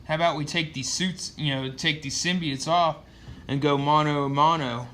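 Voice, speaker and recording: A man's voice: a little high, fairly even intonation, normal speed, pushed and bright, slight background noise. A man voicing an arrogant older male villain in a goading way, close to his own voice.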